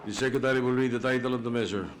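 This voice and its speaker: A man presiding over a session, giving brief and measured procedural rulings. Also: mid-range voice, steady tone, a little hiss or hum. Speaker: presiding officer.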